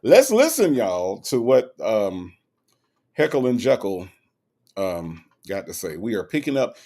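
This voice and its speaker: A man hosting a livestream in a casual, teasing way. He reads viewer comments aloud and often checks in with "okay?" and "all right?". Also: on the low side. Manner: animated and teasing, with many "okay?" asides. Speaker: livestream host.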